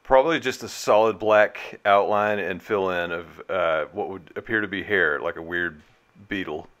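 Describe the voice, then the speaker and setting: Man co-host, lowish smooth voice, bright tone, deadpan jokes. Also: moderate pace. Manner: dry, jokey. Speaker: reaction video co-host. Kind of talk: casual commentary.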